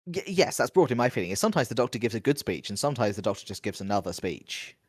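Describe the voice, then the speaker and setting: A man's voice: on the low side, very animated, quick pace, no room sound. A man co-hosting a podcast, making wry, dry remarks in a casual review chat. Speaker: podcast co-host.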